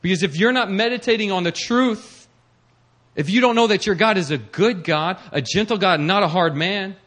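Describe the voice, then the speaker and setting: Fervent preaching man, high-ish voice. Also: moderate pace. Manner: swings from hushed to fervent, builds to urgent preaching. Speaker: pastor. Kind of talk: sermon.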